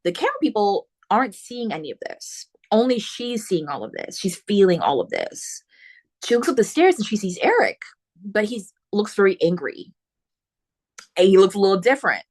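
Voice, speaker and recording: Lively woman recapping a book. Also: medium pitch, normal speed. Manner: animated plot retelling, slangy asides. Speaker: book podcast host. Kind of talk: casual spoiler book talk.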